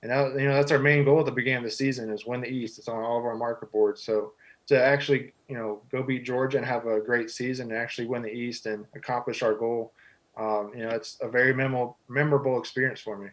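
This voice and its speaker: A man's voice: mid-range voice, steady tone, fast, low-quality recording. A man in his twenties from Texas, a quarterback answering interview questions in an easygoing, humble way with many "you know" fillers. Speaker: guest, football quarterback.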